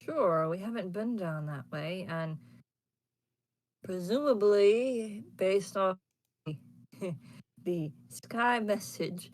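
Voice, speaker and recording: A woman playing in a tabletop game over voice chat, speaking softly and unhurriedly. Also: medium pitch, very slow, long pauses, no echo. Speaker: player.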